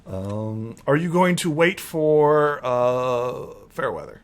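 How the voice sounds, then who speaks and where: A man's voice: medium pitch, very animated, slow pace. A man narrating a tabletop role-playing game as game master, rambling with many fillers.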